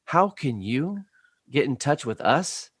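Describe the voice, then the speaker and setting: A podcast co-host chatting in an animated, teasing way, often laughing. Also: medium pitch, takes it slowly, breathy edge, dry recording. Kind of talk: casual chat.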